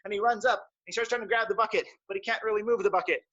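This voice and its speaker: High-voiced guy telling a kids story on a stream, lots of sound effects, dry dull audio. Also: steady tone, very fast, pushed and bright, no room sound. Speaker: storyteller for children. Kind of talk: children's story on a live stream. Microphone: live stream mic.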